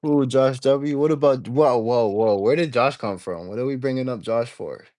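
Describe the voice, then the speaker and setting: A man's voice: mid-range voice, normal speed, darkish tone, dry recording. Rambling man chatting on a livestream. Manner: rambling, stop-start, reading out chat comments. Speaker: livestream host. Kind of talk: casual livestream chat with viewers.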